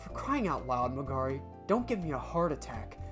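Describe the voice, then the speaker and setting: A woman voicing a weary, gruff male film director in a story game, grumbling in a low voice. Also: big pitch swings, moderate pace, soft background music.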